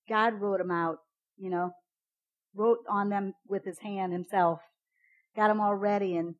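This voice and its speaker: Woman, casual devotional teaching, chatty, repeats fillers, acts out quotes. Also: low-quality recording. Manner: chatty, repeats "you know, the thing is", acts out quotes with sudden high pitch. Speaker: Bible teacher.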